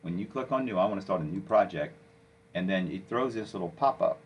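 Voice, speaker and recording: A man walking a listener through software step by step, coaching and checking in with "okay?" as he goes. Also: low-pitched, a little fast, lo-fi sound, slight background noise. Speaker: software instructor. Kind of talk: screen-recorded software tutorial.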